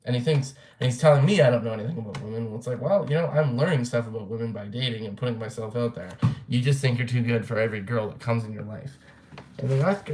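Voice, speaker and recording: A man's voice: medium pitch, fast, darkish tone, roomy sound, a little hiss or hum. A young man ranting casually on his vlog, blunt and rambling, swearing freely and full of fillers. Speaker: vlogger. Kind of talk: casual rant to camera.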